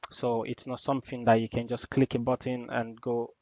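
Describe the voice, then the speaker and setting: A man's voice: mid-range voice, normal speed, few pauses, dry recording. Guy walking thru a server setup demo, lots of ums, kinda muffled dry mic. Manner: relaxed and explanatory, with frequent ums and uhs. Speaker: IT instructor. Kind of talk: screen-recorded tech demo. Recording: dull, lo-fi dry voice-over.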